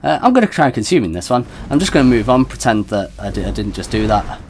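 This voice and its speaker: A man's voice: on the low side, big pitch swings, quick pace, darkish tone, a little hiss or hum. A man giving chatty, self-deprecating commentary while streaming a game. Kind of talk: let's play commentary.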